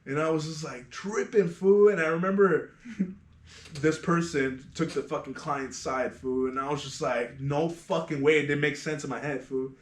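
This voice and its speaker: A man who works as a barber, telling shop stories on a casual podcast in a profane, animated way and calling everyone "fool". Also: fairly high pitch, normal speed. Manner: profane, animated storyteller, says "fool" constantly. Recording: echoey room.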